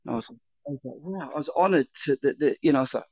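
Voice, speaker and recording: A man's voice: on the high side, very fast, breathy edge, dry recording, lo-fi sound. Man telling rambling stories. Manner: rambling anecdotes with fillers and restarts. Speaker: chef guest. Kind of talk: casual interview storytelling.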